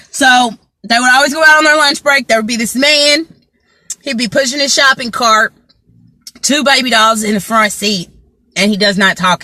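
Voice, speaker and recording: This motivational vlogger has a slightly high, sharp-toned voice, recorded with no echo. Chatting casually, she tells a story to her viewers, greets people by name, and keeps asking "you know what I'm saying."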